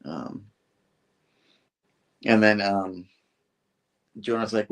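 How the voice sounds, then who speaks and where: A man's voice: on the low side, takes it slowly, pauses often. A man casually recapping a comic book story on his show, slipping into raised voices for the characters' lines.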